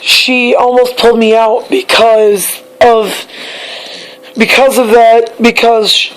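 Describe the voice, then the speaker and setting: A young woman, a bit hoarse, talking in a casual personal vlog, halting and repeating herself as she searches for words. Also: a little high, level tone, low-quality recording. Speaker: vlogger.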